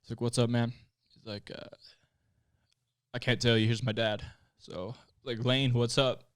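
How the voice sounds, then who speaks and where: A man in his late twenties, appearing as a podcast guest, tells a personal story in casual conversation, candid and plainspoken with frequent swearing and fillers. His mid-range voice is smooth and resonant, unhurried and flat in delivery, recorded dry and close with no echo.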